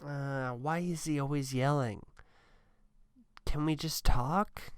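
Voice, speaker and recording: A man's voice: on the high side, takes it slowly, clear, resonant tone, dry recording, studio quality. A man giving sarcastic, mocking commentary on a wrestling clip. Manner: sarcastic, mocking, deadpan asides.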